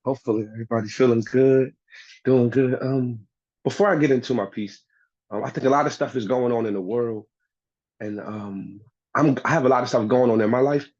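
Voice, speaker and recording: A man performing spoken-word poetry at an online open mic, reciting his lines in a measured, deliberate way. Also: mid-range voice, darkish tone. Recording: dull lo-fi call audio.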